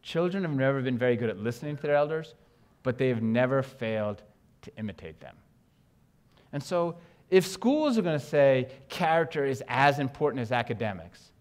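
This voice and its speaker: A man from New York giving an animated conference talk on stage, joking with the audience and asking it questions. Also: mid-range voice, moderate pace. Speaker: education speaker.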